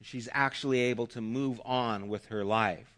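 Earnest, bright-voiced male preacher. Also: mid-range voice, fairly even intonation, moderate pace. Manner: earnest, dynamic, varied loudness. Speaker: pastor. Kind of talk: sermon with storytelling.

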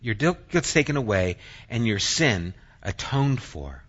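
A man preaching a sermon as pastor, reading scripture dramatically and then talking quietly and earnestly to the congregation. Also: mid-range voice, big pitch swings, measured pace, slightly rough, muffled recording.

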